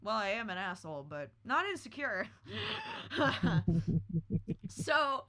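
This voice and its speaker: A woman's voice: medium pitch, sing-song, slow, sharp tone. A woman hosting a podcast, telling a story in casual chat with a brash, profane, dramatic manner. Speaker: podcast host.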